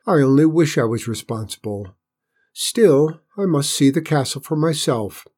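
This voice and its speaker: A man with a husky voice voicing an absent-minded, excitable inventor king in a read-aloud fairy tale. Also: fairly high pitch, unhurried. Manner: distracted, abrupt, excitable.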